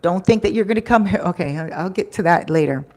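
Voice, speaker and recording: A woman's voice: lowish voice, fast talker, darkish tone. A woman telling a story to camera in a chatty vlog, acting out what people said, into a microphone. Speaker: storytime vlogger.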